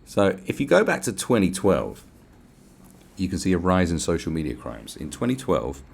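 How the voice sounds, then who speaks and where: A man's voice: low-pitched, huge pitch swings, normal speed, vocal fry, breathy edge. A man with a British accent hosting a podcast, ranting in a casual, profane, sarcastic way. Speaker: podcast host.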